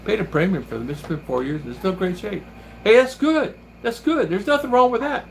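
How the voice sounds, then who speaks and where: Laughing often as he tells rambling stories, a vlog host keeps the chat casual. He speaks briskly in a high, gravelly voice with lively intonation, and there's a little hiss or hum.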